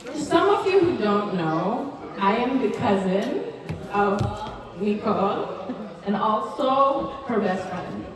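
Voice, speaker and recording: A woman's voice: mid-range voice, sing-song, slow. A young woman giving a nervous, tearful birthday speech for her cousin, laughing between words. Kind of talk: emotional birthday toast. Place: large hall at a party. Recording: echoey hall, mic far off, crowd noise. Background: party crowd.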